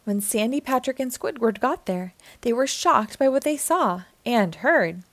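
A woman narrating a children's storybook aloud, with an expressive, clear delivery. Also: on the high side, a little slow, dry recording. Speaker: children's book reader.

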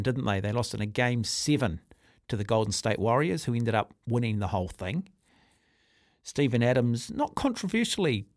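A man hosting a sports radio show, telling stories in a rambling, animated way. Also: mid-range voice, no echo, studio quality. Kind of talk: casual radio chat.

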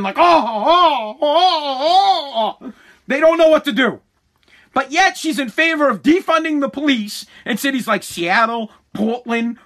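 A man's voice: extremely high pitch, pushed and bright. A man hosting a podcast, ranting heatedly with profanity and frequent restarts. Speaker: podcast host. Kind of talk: ranting political commentary.

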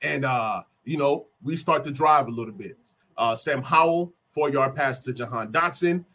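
A man giving an animated fan recap of a football game, repeating key moments for emphasis. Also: mid-range voice, moderate pace. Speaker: sports fan vlogger.

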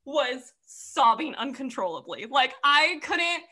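Young woman, high bright voice, animated casual storyteller, lots of "like". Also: takes it slowly. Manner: animated, laughing, fillers of "like".

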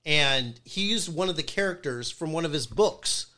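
Young male host, slightly higher voice with a lively swing; relaxed, rambling storyteller. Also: moderate pace. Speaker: podcast host. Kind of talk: casual storytelling chat.

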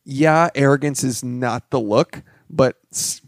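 A man's voice: medium pitch, slow, dry recording, studio quality. A man co-hosting a casual movie podcast, rambling and swearing, often acting out what he heard. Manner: rambling, acts out quotes, swears. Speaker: podcast co-host. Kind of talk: casual chat.

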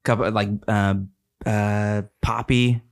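A man's voice: lowish voice, little pitch movement, takes it slowly. A man hosting a podcast in a casual, chatty way, full of "like" and "dude" and easy laughter. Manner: chatty, drawls, says "like" and "dude" a lot, laughs easily. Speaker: podcast host. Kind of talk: casual chat.

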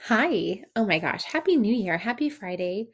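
A woman in her thirties hosting a podcast in casual chat, chatty and upbeat, laughing quickly and breaking off her sentences. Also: mid-range voice, lively intonation, faint music behind. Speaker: podcast host.

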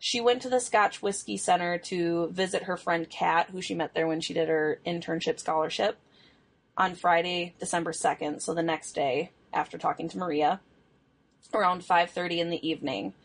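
A young woman co-hosting a podcast, casually telling a true crime case, chatty and quick to laugh. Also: lowish voice, steady tone, vocal fry. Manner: chatty storytelling, laughs often, swears. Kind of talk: casual chat.

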